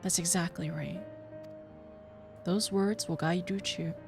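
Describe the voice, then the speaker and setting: A woman voicing an earnest, composed teenage girl, reading game lines in a calm, gently formal way. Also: lowish voice, slow, vocal fry, music in the background, pitched below the performer's own voice. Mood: gentle.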